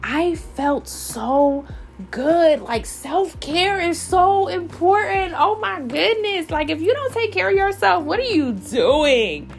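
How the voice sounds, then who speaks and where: A young woman vlogging in a casual, expressive and slangy way, laughing often as she talks. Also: very high-pitched, slow, gravelly. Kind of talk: casual chat.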